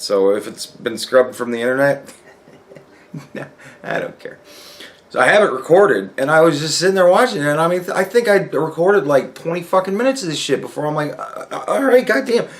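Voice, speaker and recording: A man's voice: on the high side, animated, fairly quick, fairly bright tone. A young man telling a work story in a casual, profane rant, acting out the dialogue. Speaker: vlogger.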